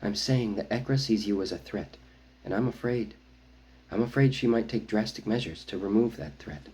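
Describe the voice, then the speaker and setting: A man voicing a worried, caring tribeswoman who speaks low and urgently, in a storybook reading. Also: moderate pace, a little mellow, close to an everyday voice.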